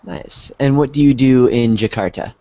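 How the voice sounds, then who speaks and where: A man's voice: mid-range voice, normal speed, warm tone, dry recording. A man teaching an online English class over a video call, friendly, often asking "right?" to check in.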